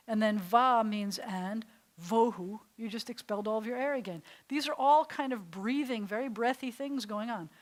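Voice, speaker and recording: A woman rabbi teaching a Hebrew class in a synagogue classroom, enthusiastic, slowly sounding out breathy words. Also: mid-range voice. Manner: enthusiastic, drawn-out breathy pronunciations.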